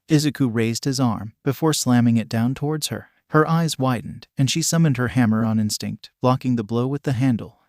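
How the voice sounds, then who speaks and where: A synthetic male voice narrating a fan fiction story in a flat, mechanical reading that even spells out punctuation. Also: medium pitch, dry recording, clean studio sound.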